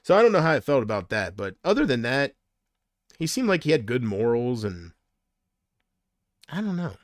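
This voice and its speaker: A man's voice: medium pitch, very animated, moderate pace, dry recording, clean studio sound. A man chatting casually on a livestream, rambling from thought to thought and often trailing off.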